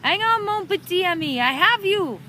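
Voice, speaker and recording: A woman's voice: fairly high pitch, very animated, a little slow. A woman voicing a dashing male flying squirrel with a French accent, in a storybook reading recorded outdoors in a park. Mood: heroic. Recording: outdoor park with traffic noise.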